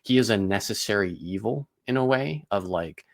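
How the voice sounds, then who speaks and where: A man hosts a casual review conversation, laying out his thinking in long analytical stretches. His voice sits a little low, and the recording is close and dry with no room sound. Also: animated, normal speed, gravelly, no room sound. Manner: analytical, talks in long explanations. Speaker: podcast host.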